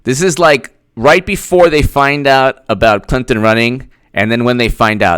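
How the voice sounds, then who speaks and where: A man's voice: mid-range voice, normal speed, few pauses, a bit bright, clean tone, no echo. A man giving casual, sarcastic political vlog commentary, mocking as he talks. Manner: sarcastic and mocking, laughing often.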